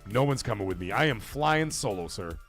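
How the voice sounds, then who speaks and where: Gravelly, animated man streaming live. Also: on the low side, brisk, faint music behind. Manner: profane, rambling, animated storyteller. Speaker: livestream host. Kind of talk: casual live-stream chat reading viewer comments.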